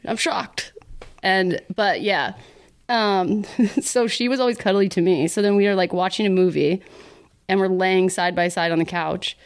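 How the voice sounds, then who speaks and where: A woman's voice: mid-range voice, measured pace, smooth. A young woman from Texas telling a personal story as a podcast guest, chatty and laughing often as she acts out what she once said. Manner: chatty, laughing often, acts out her own past words. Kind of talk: casual storytelling interview.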